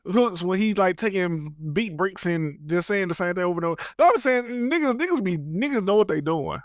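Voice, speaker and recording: A man's voice: high voice, expressive, brisk, no echo, studio quality. A man co-hosting a podcast who keeps teasing his friend and insisting on his point. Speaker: podcast co-host. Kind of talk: casual chat.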